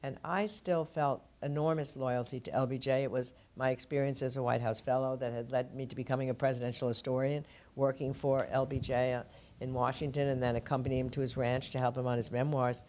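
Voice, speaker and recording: A woman's voice: very deep voice, fairly even intonation, a little fast, darkish tone. Older woman telling stories fluently. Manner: fluent, storytelling, laughs easily. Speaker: author guest. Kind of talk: conversational interview.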